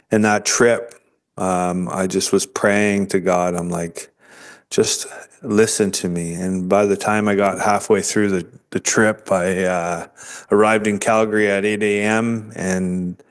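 A man in an interview, earnestly telling his personal faith story, often restarting and repeating words. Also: on the low side. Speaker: interview guest sharing his faith testimony.

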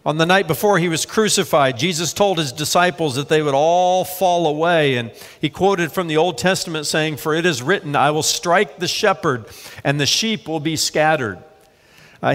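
Pastor preaching in a reverberant hall. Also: male voice, on the high side, a bit bright. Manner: measured preaching, slows for scripture readings. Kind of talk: sermon. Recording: long reverb of a large hall.

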